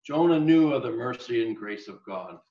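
A male preacher giving a sermon, reading scripture and dropping to a soft voice on key points. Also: medium pitch, animated, moderate pace, echoey room, muffled recording. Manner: expository, reads scripture aloud, drops softer on key points.

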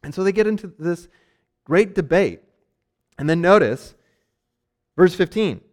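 Male preacher, high-pitched voice, chatty teaching sermon that slips into little character bits. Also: lively intonation. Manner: conversational, acts out characters in quick asides; frequent fillers and restarts, laughs lightly. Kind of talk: sermon, teaching on a Bible passage.

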